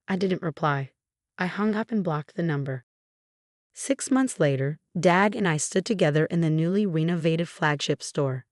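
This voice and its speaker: A woman narrating a scripted first-person story in a calm, even manner. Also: sits low, normal speed, dry recording, clean studio sound.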